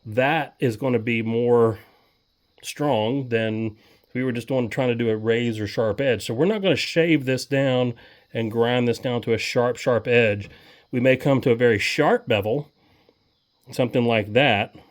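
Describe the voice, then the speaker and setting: A male equipment vlogger rambles through an easygoing how-to outdoors by his tractor, folksy and filler-heavy. He speaks unhurriedly in a mid-range voice, with no room sound.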